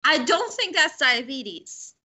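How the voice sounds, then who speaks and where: Blunt, bright-voiced woman co-host. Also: sits high, big pitch swings, slow. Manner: blunt and profane. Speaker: podcast co-host. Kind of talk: casual chat about a movie.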